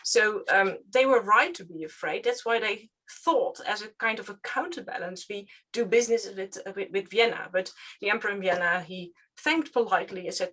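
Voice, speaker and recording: A woman historian whose first language is Dutch, talking casually on a panel and often pausing with fillers to search for words. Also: mid-range voice, fairly bright tone. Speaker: historian guest.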